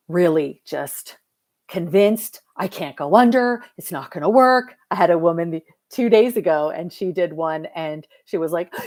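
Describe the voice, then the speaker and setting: A woman hypnotherapist chatting casually to viewers on a live stream, lively and talking straight to her audience. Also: fairly low pitch. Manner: chatty and lively, addresses viewers as "you guys". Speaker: hypnotherapist and mentor.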